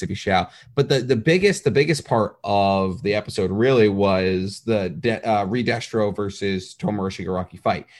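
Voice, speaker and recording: Animated rambling male podcast co-host. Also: fairly low pitch. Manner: animated, rambling, acts out quotes. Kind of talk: casual chat.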